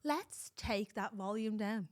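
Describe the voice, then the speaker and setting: An Irish woman co-hosting a podcast, chatty and animated, handing out advice with the odd swear word. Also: mid-range voice, slow. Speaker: podcast co-host. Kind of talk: casual chat.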